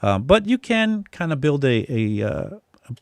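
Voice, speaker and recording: A man teaching music production in a relaxed, casual demonstration, thinking aloud with frequent restarts. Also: medium pitch, measured pace, no echo. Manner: reads chat comments aloud. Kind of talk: casual live-stream demonstration. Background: synthesizer tones.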